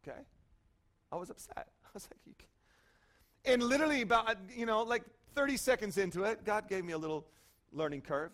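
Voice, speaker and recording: A male pastor preaching a sermon in a lively, conversational way, often checking in with "okay?". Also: sits high.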